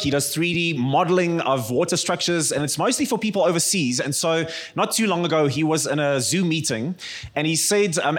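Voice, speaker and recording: A man with a South African accent preaching a sermon to a church congregation, conversational and storytelling, calling for the congregation's response. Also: a little high. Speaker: pastor. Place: church service.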